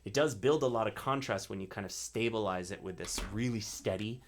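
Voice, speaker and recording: Laid-back low-voiced male uke teacher. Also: a little fast, soft background music. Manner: relaxed, explanatory, frequent "right?" check-ins. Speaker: ukulele teacher. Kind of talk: casual instructional talk. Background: ukulele strumming.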